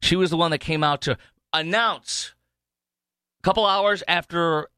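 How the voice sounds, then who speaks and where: A man's voice: fairly high pitch, a little slow, sharp tone, clear, resonant tone, no echo. A man hosting a political talk show, delivering a heated, rambling monologue full of restarts and fillers. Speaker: talk radio host.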